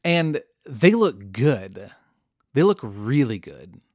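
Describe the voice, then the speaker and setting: A man's voice: medium pitch, big pitch swings, takes it slowly, dry recording, studio quality. A man telling a Bible story in a casual, jokey way, full of modern slang. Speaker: Bible teacher.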